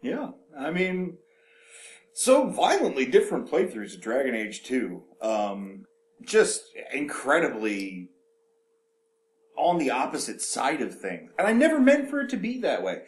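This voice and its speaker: A man co-hosting a podcast, talking in an animated, rambling way with casual swearing. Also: medium pitch, measured pace, a little hiss or hum. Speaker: podcast co-host.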